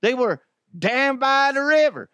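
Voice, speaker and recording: A shrill, furious parent ranting about being wronged at a restaurant, as a man puts on a goofy accent. The voice shoots far above his normal register and yells. It is loud, cartoonish and over-the-top in its indignation. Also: lively intonation, unhurried, no echo, studio quality, exaggerated voice. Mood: outraged ranting. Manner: ranting, yelling. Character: angry complaining parent reviewer, goofy accent. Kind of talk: comic reading with a put-on voice.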